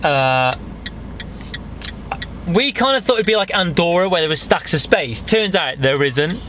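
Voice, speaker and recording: A man's voice: fairly high pitch, animated, measured pace, fairly bright tone. British man chatting on a noisy travel vlog. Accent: British English. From United Kingdom. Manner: chatty, jokey, rambling with restarts. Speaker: vlogger. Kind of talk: casual travel vlog chat. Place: outdoors and in a van in a snowy mountain town. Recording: noisy outdoor camera audio.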